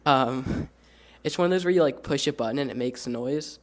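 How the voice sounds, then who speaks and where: A teenage boy on a youth radio team telling a story in an unhurried way with many fillers. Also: medium pitch. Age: teens. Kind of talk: casual storytelling.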